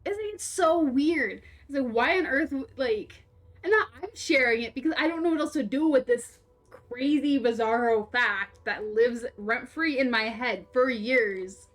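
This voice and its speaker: A young woman with a high, unhurried voice streams a game while rambling through a story in casual chat. She laughs and swears freely as she plays and tells it.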